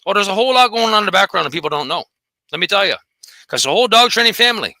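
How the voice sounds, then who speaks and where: Host: man, high bright voice, rapid profane rant, dry close mic. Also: lively intonation, gravelly, no room sound. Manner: profane, combative, taunting. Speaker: host of a dog behavior channel. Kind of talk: angry solo rant.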